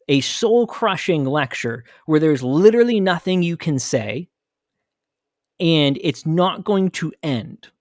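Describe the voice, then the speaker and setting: In a dry, studio-quality recording, a male podcast host with a fairly high pitch reflects candidly on his childhood. It's a personal storytelling monologue.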